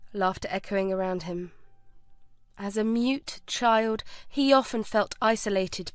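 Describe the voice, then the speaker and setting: A woman reading a scripted story as narrator, measured and even. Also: a little high, clear, resonant tone, no room sound, clean studio sound.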